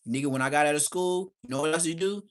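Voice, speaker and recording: A man's voice: fairly high pitch, very fast. A man hosting a livestream, telling street stories casually and acting out the voices of people in them. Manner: animated street storytelling, acts out quoted voices. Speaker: livestream host. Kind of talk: casual storytelling.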